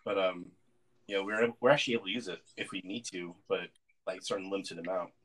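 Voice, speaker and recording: A man's voice: low-pitched, steady tone, fast, fairly bright tone, low-quality recording. A man in casual podcast chat, rambling through an anecdote with lots of fillers and restarts. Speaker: podcast co-host.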